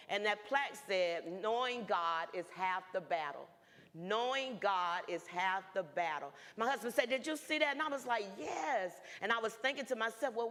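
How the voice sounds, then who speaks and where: A woman's voice: medium pitch, fairly bright tone. Woman telling her story in a hall. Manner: earnest storytelling, acting out dialogue. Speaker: guest speaker. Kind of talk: personal testimony. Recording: reverberant hall.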